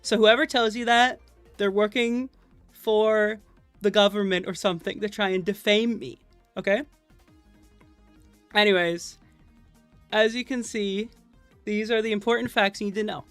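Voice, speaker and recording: A woman streams from her computer mic, nervous and full of stage fright. She rambles playfully with many fillers and restarts, and her pitch sits in an ordinary middle range. The sound is close and dry, with soft game music in the background. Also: steady tone, a little slow, pauses often, no echo. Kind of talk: casual live-stream chat. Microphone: desk microphone at a computer. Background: faint game music.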